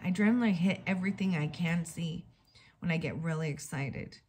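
A woman's voice: fairly low pitch, fairly quick, a little mellow, slight background noise, natural voice. Woman reading gloomy Tweedledee. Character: gloomy quarrelsome little brother Tweedledee.

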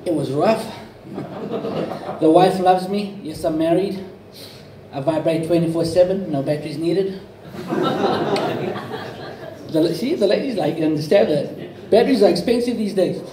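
A man performing a stand-up set on a club stage, delivering deadpan self-deprecating one-liners. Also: high voice, moderate pace, long pauses. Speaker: stand-up comedian. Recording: echoey club, distant mic, noisy.

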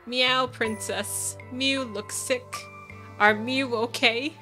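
A woman's voice: a little high, steady tone, slow pace, pushed and bright, faint music behind, voice pushed up. A woman voicing a small, devoted talking cat in cutesy baby talk while reading game dialogue aloud. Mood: cutesy worried.

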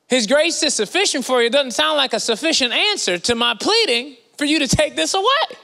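A man with a strikingly high, bright voice delivers a sermon, chatty and playful, dropping slangy asides. His voice carries a gravelly edge and rings out with the long reverb of a big church hall. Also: expressive, fairly quick, hardly any pauses. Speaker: preacher. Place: church sanctuary.

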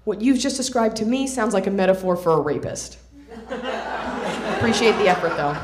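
Sarcastic woman doing stand-up in a roomy club. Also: mid-range voice. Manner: sarcastic, puts on voices for characters in her stories. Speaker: stand-up comedian. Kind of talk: stand-up comedy set. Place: comedy club stage.

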